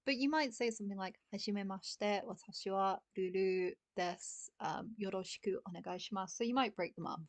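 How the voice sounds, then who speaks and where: A young woman with a British accent leads a relaxed beginners' lesson in a chatty, laughing way. Her voice sits at a middle pitch, and it is recorded dry and close with no room sound. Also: no room sound. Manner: chatty, laughs often, drawn-out slow pronunciation of words. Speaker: Japanese teacher. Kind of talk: casual online language lesson.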